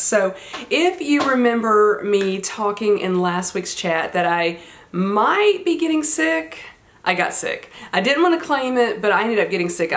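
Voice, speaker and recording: A woman in her forties, a fashion vlogger, talking in a casual, rambling way while congested from a cold. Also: a little high. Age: 40s. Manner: chatty, meandering storytelling. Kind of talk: casual chat.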